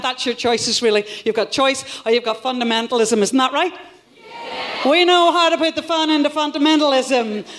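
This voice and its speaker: High-voiced Northern Irish woman doing stand-up. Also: slight background noise. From Northern Ireland. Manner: wry, punchy, bursts of loud exclamation. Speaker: stand-up comedian. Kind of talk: live stand-up set. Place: live comedy venue with audience.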